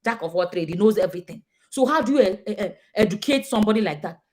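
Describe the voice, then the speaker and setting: A woman's voice: mid-range voice, lively intonation, fast talker, a little mellow. A woman with a Nigerian accent giving casual, emphatic commentary to her viewers, acting out the people she quotes. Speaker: vlogger.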